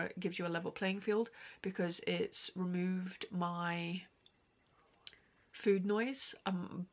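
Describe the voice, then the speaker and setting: A woman's voice: fairly low pitch, a bit bright. A young woman vlogging, telling a story in a casual, rambling way with many fillers. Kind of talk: casual chat to camera.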